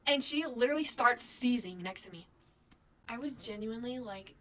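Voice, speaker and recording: Young woman, slightly high voice, chatty storyteller with whispered asides and faint background hiss. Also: expressive, brisk, a bit bright. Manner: chatty, filler-heavy, drops to whispered asides. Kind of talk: casual storytime.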